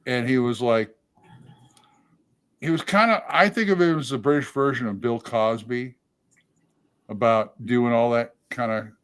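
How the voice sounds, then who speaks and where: A man co-hosting a casual chat, talking in an animated way and hopping from one tangent to the next. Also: medium pitch, a little slow, pauses often, smooth. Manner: animated, jumps between tangents. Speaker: co-host.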